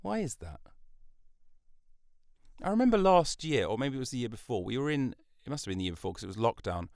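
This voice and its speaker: A man's voice: mid-range voice, very animated, fairly quick, vocal fry, darkish tone, no room sound. A man hosting a podcast in a studio, talking alone in a loose, jokey, rambling way with self-mocking asides. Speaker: podcast host. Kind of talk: solo podcast monologue. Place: recording studio. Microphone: studio mic.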